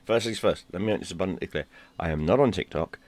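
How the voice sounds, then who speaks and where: Low-voiced man ranting hotly. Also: quick pace. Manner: heated and profane, swings between low mutter and loud outbursts. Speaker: gaming YouTuber. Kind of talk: ranting monologue.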